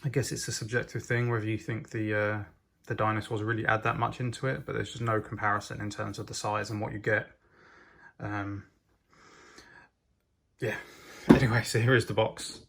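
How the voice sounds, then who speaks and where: A man's voice: on the low side, little pitch movement, normal speed, gravelly, a bit bright. A man giving a casual, enthusiastic toy set review, talking with frequent hesitations and ums. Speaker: LEGO reviewer.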